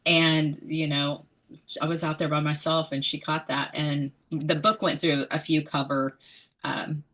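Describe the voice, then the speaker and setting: A woman's voice: low-pitched, level tone, unhurried, fairly bright tone. A woman, an author being interviewed about her memoir, speaking in a thoughtful, musing way. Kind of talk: reflective interview conversation.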